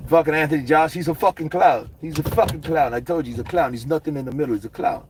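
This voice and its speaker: A man doing an impression of a brash, hot-tempered heavyweight boxer who yells profane taunts and swaggering boasts. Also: on the high side, quick pace, a little hiss or hum, close to an everyday voice. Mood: bragging.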